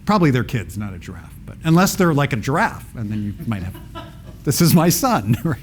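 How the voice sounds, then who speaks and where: A man's voice: medium pitch, very animated, brisk, a little hiss or hum. A middle-aged man giving a playful talk to an audience, acting out everyday dialogues with raised voices. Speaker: public speaking teacher giving a talk.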